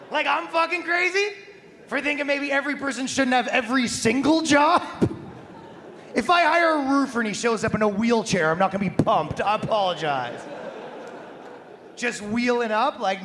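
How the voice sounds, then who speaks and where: A man's voice: extremely high pitch, expressive, normal speed, a bit bright, a little hiss or hum. A man doing a stand-up comedy set on a live stage, brash, crude and conversational, into a handheld microphone.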